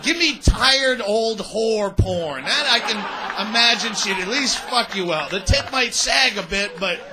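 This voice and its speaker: A man's voice: sits high, expressive, measured pace, background noise. A male stand-up comedian with a crude, rambling manner, bantering with the crowd from a comedy club stage. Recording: live club recording with loud crowd. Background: audience laughter.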